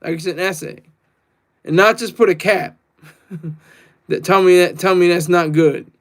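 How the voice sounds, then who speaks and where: Boastful high-voiced man chatting on stream. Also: normal speed. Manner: boastful, rambling, laughs often. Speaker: livestream host. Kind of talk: casual livestream chat reading comments.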